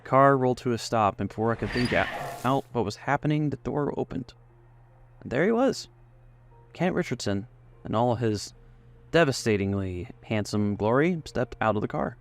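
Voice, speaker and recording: A man's voice: medium pitch, lively intonation, moderate pace, slight background noise. Man reading a romance story. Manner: first-person, emotive reading. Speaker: narrator. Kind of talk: scripted story narration.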